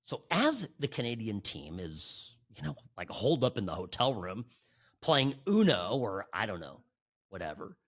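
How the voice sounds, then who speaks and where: A male podcast host giving sarcastic, animated political commentary. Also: fairly low pitch, moderate pace, husky.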